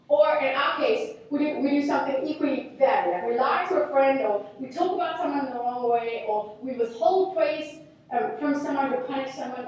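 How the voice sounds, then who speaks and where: A woman in her thirties giving a talk, telling stories in a candid, self-deprecating and animated way. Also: high-pitched. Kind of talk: storytelling talk. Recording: very echoey hall, mic far off.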